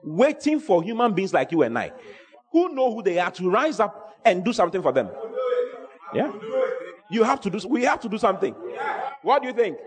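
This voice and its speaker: A man's voice: high voice, very animated, moderate pace, pauses often, big-room sound, crowd noise. A man, preaching a sermon with emphatic, repeating phrases.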